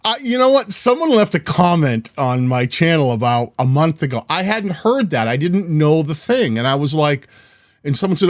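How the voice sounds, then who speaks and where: A man's voice: on the high side, sing-song, brisk, no room sound. A man in his fifties with a New England accent, hosting a video editing channel and chatting casually through a live stream from his home studio. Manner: chatty and rambling, with frequent restarts. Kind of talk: casual live-stream chat reading comments.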